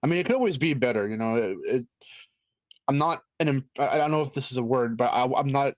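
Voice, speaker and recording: A man's voice: mid-range voice, fast talker, no room sound. A young man co-hosting a game stream, rambling and correcting himself as he chats. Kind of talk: casual chat.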